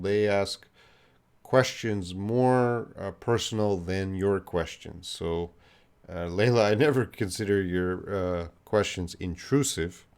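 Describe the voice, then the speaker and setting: A man from Canada with a Canadian accent, a patient English teacher answering viewers' questions on a live stream, explaining slowly with fillers and examples. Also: lowish voice, clear, resonant tone.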